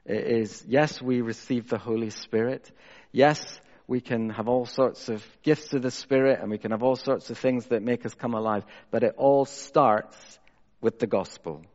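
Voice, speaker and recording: A man preaching a sermon in an earnest manner, moving between raised emphasis and soft, hushed reflection. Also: mid-range voice, normal speed. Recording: dull, lo-fi sound with long hall reverb.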